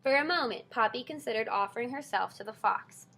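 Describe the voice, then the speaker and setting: A woman reading a children's novel aloud with expressive storytelling. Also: fairly high pitch, fairly quick, creaky. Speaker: audiobook narrator. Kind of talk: scripted narration.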